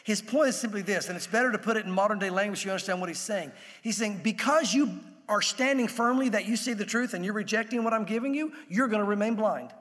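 High-voiced male pastor preaching in a hall. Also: fast talker, a bit bright. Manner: conversational preaching, acts out quoted voices. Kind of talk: sermon. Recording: long hall reverb.

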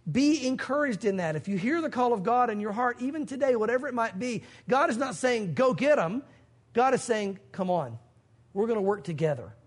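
A man with a very high voice preaches to his congregation. He tells stories and acts out the voices of the people in them. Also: lively intonation, fairly quick. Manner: storytelling, acting out quoted voices. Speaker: pastor. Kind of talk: sermon.

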